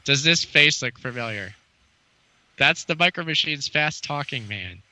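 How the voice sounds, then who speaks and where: A man's voice: mid-range voice, lively intonation, a little slow, pushed and bright, no echo, low-quality recording. A man co-hosting a podcast, chatting casually, asking leading questions and laughing easily. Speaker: podcast co-host. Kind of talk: casual chat.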